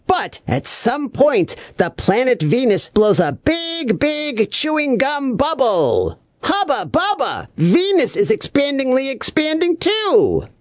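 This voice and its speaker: A woman's voice: high voice, wildly swooping pitch, slow pace, few pauses, dry recording, studio quality, full character voice. A woman playing a clueless, overeager male reviewer in a scripted comedy monologue, full of malapropisms and doubled words. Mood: chirpy. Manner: chirpy, absent-minded, malapropisms and doubled words.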